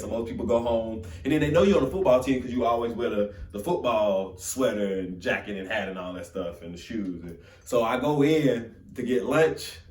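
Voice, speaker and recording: A young man from Florida telling a motivational story in an animated, casual, conversational way. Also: medium pitch. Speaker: motivational speaker. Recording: roomy sound from a distant mic.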